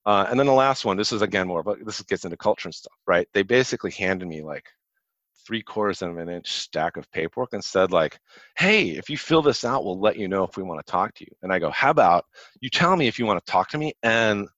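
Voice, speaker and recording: A man's voice: lowish voice, fairly quick, no room sound, dull audio. A man in a casual chat telling stories at length, animating the quoted people with jumps in his voice. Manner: animated storyteller, acts out quoted dialogue, frequent likes. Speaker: guest telling career stories.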